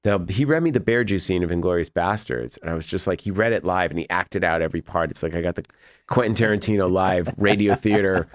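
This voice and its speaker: This man's voice is low-pitched and quick, captured in clean studio sound with no echo. He's a film director from Boston, USA, chatting loosely in a podcast interview as a guest, a rambling storyteller who performs the lines of the people he quotes.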